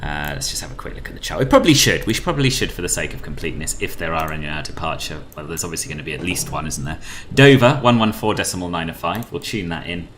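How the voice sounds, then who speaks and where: A man's voice: sits low, animated, quick pace, few pauses, a bit bright, slight background noise. A man from the UK streaming a flight simulator, chatting playfully with viewers and reading out radio calls. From United Kingdom. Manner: chatty and playful, laughs often, calls people boss.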